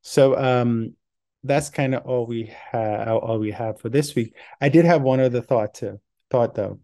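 A man's voice: medium pitch, unhurried, mellow. A man hosting a casual solo podcast, rambling with many fillers and restarts, and acting out the voices in his story. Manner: acts out quoted voices in an anecdote. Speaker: podcast host.

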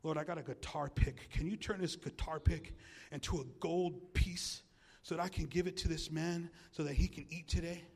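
A man doing a humble apostle, gravelly and pleading. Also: fairly high pitch, fairly even intonation, normal speed, a little mellow. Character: apostle Peter, humble man praying with empty pockets.

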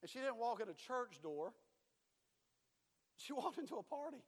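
A man's voice: very high-pitched, very animated, normal speed, long reverb tail. A man preaching a sermon as pastor, emphatic and repetitive, moving into storytelling. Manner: emphatic preaching with repeated phrases, dropping to storytelling.

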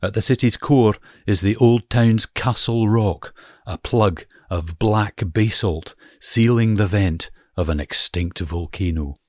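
A man putting on a Scottish accent to read a descriptive passage aloud, slow and deliberate. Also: lowish voice, darkish tone, no echo, clean studio sound. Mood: reciting. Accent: put-on Scottish.

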